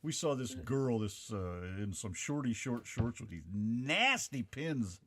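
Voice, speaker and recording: A man's voice: medium pitch, very animated, unhurried, fairly bright tone, breathy edge. An American man co-hosting a country music radio show, grumbling out dry wisecracks. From United States.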